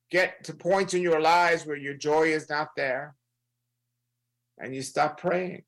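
A man leading a prayer session and preaching to listeners, earnest, repeating phrases and slowing down to stress them. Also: fairly high pitch, steady tone, fairly bright tone, rough recording. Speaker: prayer leader. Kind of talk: sermon-style prayer broadcast.

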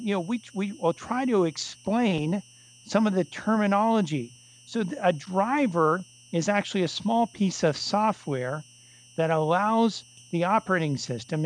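A man's voice: a little high, rough recording. A man hosting a casual call-in radio show, talking in a rambling way with many restarts and fillers.

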